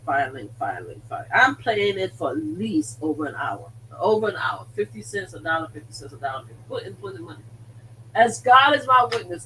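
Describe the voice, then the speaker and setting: A woman hosting a casual live stream, telling a story in an emphatic, animated way and repeating words for stress. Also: medium pitch, far from the mic, slight background noise, poor audio. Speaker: host of a slot-gambling live stream.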